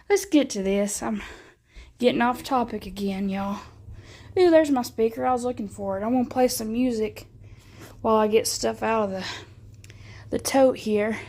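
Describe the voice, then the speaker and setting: A woman's voice: on the high side, a little mellow. A woman in her thirties with a Southern US accent, chatting in a rambling, homey way while filming a vlog at home. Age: 30s. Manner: rambling, chatty, says "y'all". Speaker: vlogger. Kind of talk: casual chat.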